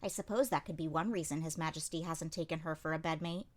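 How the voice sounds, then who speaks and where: Woman reader plays a dry, sharp-eyed young servant thinking aloud. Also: low-pitched, fairly even intonation, fast. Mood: wry. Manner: dry, inner-thought musing. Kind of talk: audiobook character reading.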